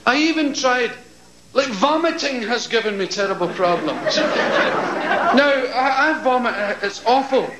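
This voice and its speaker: A man doing stand-up, telling a profane story in an animated way and shouting out impressions. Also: extremely high pitch, measured pace. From Scotland. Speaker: stand-up comedian. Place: large theatre stage. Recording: echoey live theatre with loud crowd.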